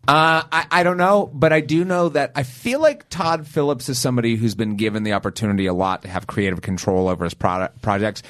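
A man with a somewhat low voice co-hosting a podcast in loose, casual conversation. He rambles through his points with plenty of filler and restarts, his pitch jumping up when he gets excited. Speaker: podcast co-host. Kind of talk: casual chat.

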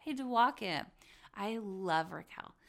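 A woman's voice: mid-range voice, lively intonation, a little slow, vocal fry. A young woman hosting a podcast, gossiping about reality TV in a chatty, exasperated way with lots of "like". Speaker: podcast host. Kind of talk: casual reality TV recap.

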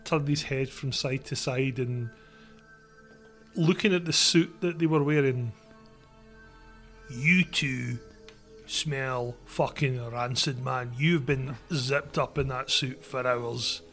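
A man plays his character in a casual, crude, blokey manner, swearing freely. His voice sits at a middle pitch. A faint music bed runs behind him. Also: steady tone, takes it slowly, a bit bright. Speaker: player. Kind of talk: playing a tabletop game.

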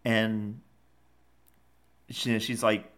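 Low-voiced male co-host, rambling casual retelling. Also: flat delivery, very slow, fairly bright tone. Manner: rambling retelling full of fillers. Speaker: podcast co-host. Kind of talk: casual chat.

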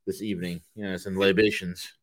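A man co-hosting a podcast in casual chat, jokey, swinging between loud openings and low mumbled asides. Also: little pitch movement, fairly quick. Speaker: podcast co-host.

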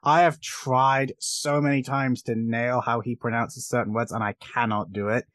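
A British man hosting a podcast, talking casually about a film with quick asides and frequent laughs. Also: mid-range voice, fairly even intonation, fairly bright tone, no room sound. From Britain. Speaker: podcast host.

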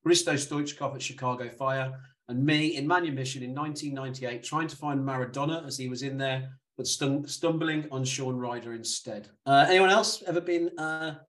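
A man's voice: a little high, a bit bright. A man hosting a podcast, jokey and a bit sweary, steering the chat along. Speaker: podcast host. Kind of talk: casual chat.

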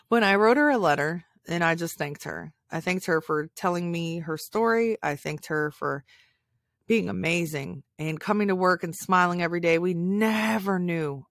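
A woman's voice: on the low side, lively intonation, unhurried, fairly bright tone, no echo, clean studio sound. A woman hosting a podcast, telling a personal story in an emotional, heartfelt way. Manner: emotional, heartfelt, tearful at times. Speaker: podcast host.

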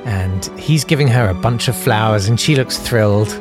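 Man doing a creepy sweet old radio presenter, low and hushed, lingering, music bed. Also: normal speed, close to an everyday voice. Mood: sugary. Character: creepy older male radio presenter, sugary and sinister.

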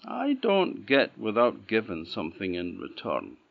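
A man's voice: on the low side, huge pitch swings, a little slow, gravelly, full character voice. A man with an Orcadian Scottish accent voicing a poor, wise old woman who speaks in earnest, cryptic sayings. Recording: dull lo-fi recording.

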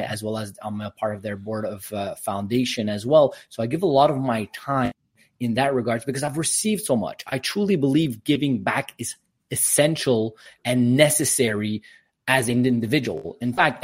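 A man speaking as a podcast guest, with a slightly husky voice at a middle pitch. He talks in long, emphatic runs like the motivational speaker and coach he is. He pushes his points with conviction. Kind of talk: podcast interview answers.

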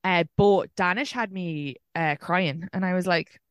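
A woman's voice: fairly low pitch, measured pace, clean tone, no echo. Swearing Irish woman telling dating stories. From Ireland. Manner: swearing storyteller, animated retelling. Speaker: podcast host. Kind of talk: casual chat over video call. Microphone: video call.

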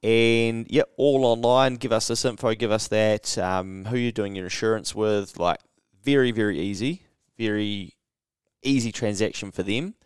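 A man hosting a podcast, telling a story in casual chat, animated and swearing freely. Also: fairly low pitch, normal speed, clean tone, dry recording, studio quality. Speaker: podcast host.

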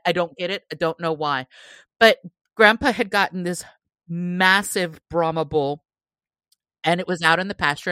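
A woman telling a childhood story on a podcast in an animated way, often laughing as she talks. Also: fairly low pitch, dry recording. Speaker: podcast guest. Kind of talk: casual storytelling.

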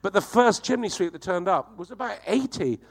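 A man, telling a profane, animated anecdote and laughing through it as a comedy guest. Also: high voice, a little fast, creaky. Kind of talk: anecdotal storytelling.

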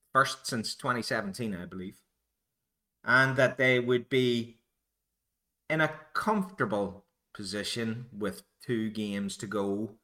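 Northern Irish man, solo podcast host, unhurried delivery, bright forceful tone, rambling and self-deprecating. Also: medium pitch. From Northern Ireland. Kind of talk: solo musing podcast monologue.

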